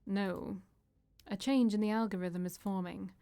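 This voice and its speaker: A woman voicing a calm robotic oracle who speaks in slow, solemn pronouncements. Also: medium pitch, smooth, natural voice. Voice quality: flat synthetic-sounding delivery.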